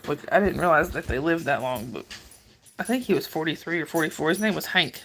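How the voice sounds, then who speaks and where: A woman's voice: low voice, animated, brisk, fairly bright tone, slight background noise. A middle-aged woman hosting a casual livestream, chatting with viewers, reading their comments aloud and cooing at her dog.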